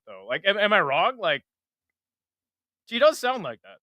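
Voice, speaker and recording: A man's voice: sits high, sing-song, normal speed, bright, forceful tone, no echo. A man hosting a casual live stream who swears, mocks himself and mutters while fiddling with his setup. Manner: profane, self-mocking, mutters to himself. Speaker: livestream host.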